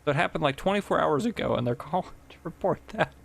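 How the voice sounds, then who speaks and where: A man's voice: a little high, lively intonation, racing, vocal fry. A man casually commentating a farming game and telling police stories, chatty and laughing often. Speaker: gameplay host and police officer.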